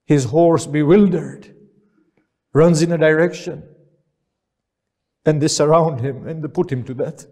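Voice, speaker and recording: A man's voice: on the high side, measured pace, long pauses, a little mellow. A male preacher narrating a mournful sermon in a solemn voice that rises into lament.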